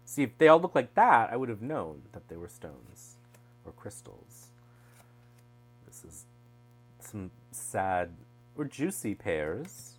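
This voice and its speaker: A low-voiced man talking casually over a card unboxing. His pitch swings widely as he tosses off wry asides and restarts sentences. A faint mains hum runs underneath. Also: big pitch swings, slow pace, long pauses. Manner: chatty, wry asides, trails off mid-thought. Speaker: tarot deck reviewer.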